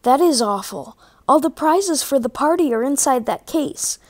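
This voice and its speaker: A fretful, kindly vicar who frets and exclaims, pitched a touch high and raised in volume, as a woman reading aloud acts him out. A gentle storybook character voice. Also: animated, moderate pace. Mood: flustered. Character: flustered kindly male village vicar.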